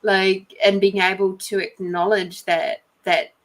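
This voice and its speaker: A woman hosting a podcast, reacting to her guest with encouraging interjections and soft backchannels. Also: medium pitch, little pitch movement, measured pace, rough recording. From Australia. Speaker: podcast host. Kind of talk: casual interview chat.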